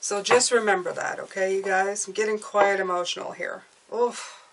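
A woman's voice: medium pitch, steady tone, moderate pace, recorded from a distance, background noise. A woman giving an intuitive tarot reading to viewers, chatty and encouraging, often checking in with "okay?". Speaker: tarot reader.

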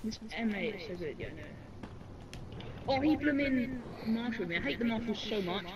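A man's voice: very high voice, expressive, a little fast, noisy background. A young man giving casual gameplay commentary, easily annoyed and rambling as he plays. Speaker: gaming YouTuber.

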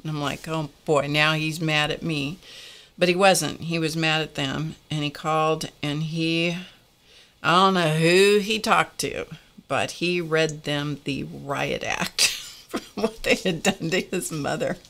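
A woman's voice: deep voice, steady tone, unhurried, vocal fry, a bit bright. An older woman hosting a casual art lesson, chatty and confessional, laughing often as she talks to her viewers. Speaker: art class host.

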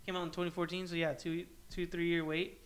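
A man's voice: on the high side, flat delivery, fairly quick. A young man co-hosting a casual movie review chat, joking and enthusiastic. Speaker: podcast co-host.

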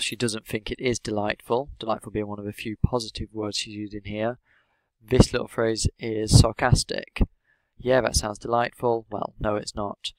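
Flat-voiced man explaining a lesson. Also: on the low side, no room sound, low-quality recording. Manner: measured, steady, explaining. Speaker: English teacher.

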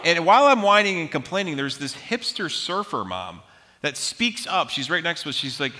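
Bright-voiced pastor in reverberant hall. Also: male voice, a little high, normal speed. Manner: animated, self-mocking storyteller. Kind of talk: sermon with storytelling. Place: large church auditorium.

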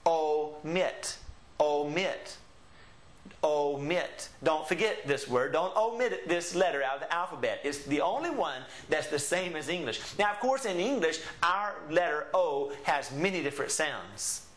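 A man teaching the Spanish vowels, saying each sound slowly and clearly and asking learners to repeat after him. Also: a little high, very animated, fairly bright tone. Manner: patient, drawn-out model pronunciations. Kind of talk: classroom lesson. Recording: echoey room.

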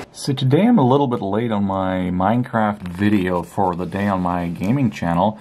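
A man narrating a casual hobby crafting tutorial at home in a relaxed, chatty way, with frequent fillers. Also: lowish voice, moderate pace, hardly any pauses, a little hiss or hum. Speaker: crafting vlogger.

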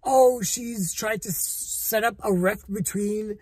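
A man's voice: high voice, slow, a little mellow, slightly rough, no room sound. A man giving a casual spoken film review as a critic, talking in a blunt, rambling way with frequent swearing and many restarts. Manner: many restarts and repeated words. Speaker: movie critic.

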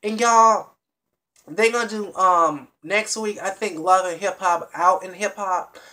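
A vlogger recapping a reality TV episode in a casual, animated and blunt way, with plenty of swearing, talking straight to the viewers. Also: mid-range voice, unhurried. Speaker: TV show reviewer.

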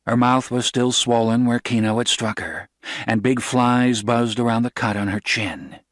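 A man narrating a novel as an audiobook, in a steady, even storytelling voice. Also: mid-range voice, moderate pace, no echo, studio quality.

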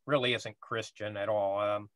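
A man's voice: lowish voice, little pitch movement, moderate pace, a bit bright, dry recording. A man teaching a casual Bible study class, explaining step by step and often checking in with "right?".

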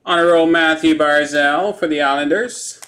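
A man hosting a live card break, briskly listing player names and teams and chuckling over hard names. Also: on the high side, steady tone, sharp tone. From Canada. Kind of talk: live sports card break, calling out pulls. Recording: noisy room with card-pack crinkling.

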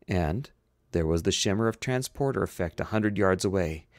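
An amateur audiobook narrator reads a science fiction novel in a deep, animated voice at a moderate pace, now and then going back to reread a slipped line. The audio is studio quality with no echo.

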